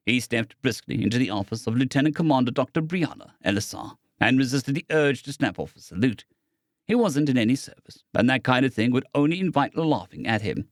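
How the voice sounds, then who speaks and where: A man reading a science fiction audiobook as narrator, in a steady storytelling manner. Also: medium pitch, dry recording, clean studio sound.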